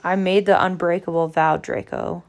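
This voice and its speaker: A woman reading aloud as a cold, stern male professor, clipped and low. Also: fairly even intonation, normal speed, natural voice.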